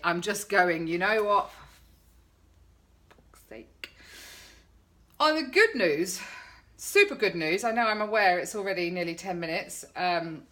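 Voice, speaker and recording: A woman's voice: mid-range voice, sharp tone. A middle-aged woman vlogging in a chatty, sarcastic way, telling her followers about her day. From England. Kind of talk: casual chat to camera.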